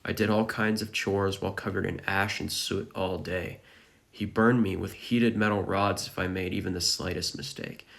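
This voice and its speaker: A man doing a calm, guarded young boy. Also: low-pitched, normal speed, vocal fry. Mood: flat.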